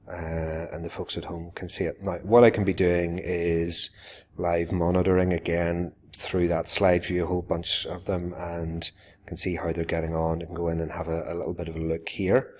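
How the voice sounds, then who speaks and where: A low-pitched man with a lilt, teaching in a live lesson demonstration. He walks viewers through what he is doing, then turns and addresses his pupils in a brighter, encouraging tone. A faint hum of background noise sits under his voice. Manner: explains to viewers, then calls out warmly to pupils.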